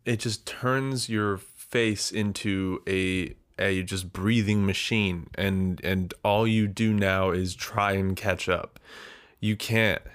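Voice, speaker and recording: A man with a fairly low voice talks slowly through his own solo podcast, a little out of breath after eating too much. He rambles in a self-deprecating way, stopping and restarting his thoughts. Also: fairly even intonation, a bit bright. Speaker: podcast host. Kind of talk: casual solo podcast monologue.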